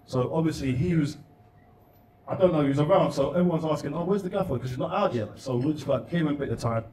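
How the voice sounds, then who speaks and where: A man's voice: a little high, quick pace, mellow, a little hiss or hum. A middle-aged man, a former footballer telling casual, slangy anecdotes as a guest, often laughing while he talks. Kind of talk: casual storytelling. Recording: roomy sound, distant mic.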